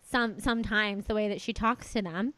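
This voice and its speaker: A woman's voice: mid-range voice, moderate pace, no room sound, low-quality recording. Young female podcast host, gushing and dramatic, dry close mic. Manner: excitable, chatty, exaggerating. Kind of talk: casual chat.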